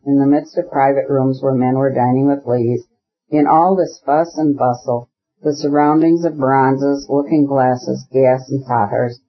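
A man narrating a classic novel as an audiobook, in a measured, even storytelling manner with a husky voice. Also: mid-range voice, highs cut off.

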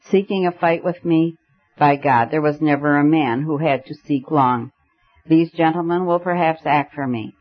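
A man's voice: on the high side, moderate pace, natural voice. A man reading an audiobook, voicing a proud, scornful aristocratic marquis with a haughty manner. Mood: fiery. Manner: haughty, flaring to anger. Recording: dull lo-fi recording.

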